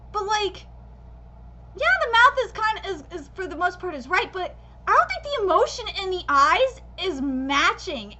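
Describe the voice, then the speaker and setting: A woman's voice: very high voice, sharp tone, highs cut off. A woman giving live reaction commentary as a streamer, critiquing passionately with lots of swearing. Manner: passionate, profane ranting critique.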